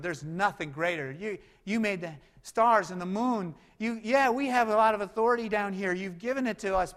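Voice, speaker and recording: High-voiced preacher in a reverberant hall. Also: male voice, normal speed, few pauses, fairly bright tone. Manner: preaching with rising emphasis and rhetorical questions. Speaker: pastor. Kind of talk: sermon.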